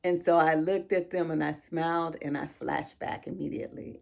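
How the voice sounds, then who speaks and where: A middle-aged woman vlogger speaking to her viewers in a heartfelt, emotional chat, halting and restarting as she talks. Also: low-pitched, fairly even intonation, vocal fry, a little mellow.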